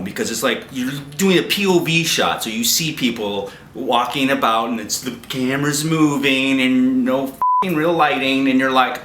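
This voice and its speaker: Profane male movie reviewer, rambling and animated, recorded in a noisy, echoey house. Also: medium pitch, moderate pace, few pauses. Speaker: movie reviewer, show host. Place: a friend's house at night. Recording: roomy home recording with noise.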